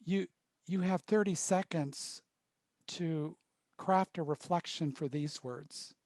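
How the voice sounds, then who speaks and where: A man leading an online training workshop by video call, coaching in a measured, deliberate way. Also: fairly high pitch, darkish tone, no echo. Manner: slow, measured, coaching delivery. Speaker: workshop facilitator.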